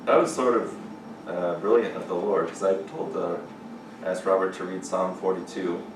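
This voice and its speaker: A man giving a lively chapel sermon, rising often to excited exclamations, recorded from a distance in a large chapel. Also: low voice, normal speed. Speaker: chapel speaker. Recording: echoey hall from far off, background noise.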